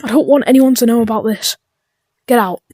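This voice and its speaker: A woman giving chaotic, dark-humored let's-play commentary, muttering and often dropping into whispers. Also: on the high side, fairly quick, no echo, studio quality. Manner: drops into whispers. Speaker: gaming YouTuber.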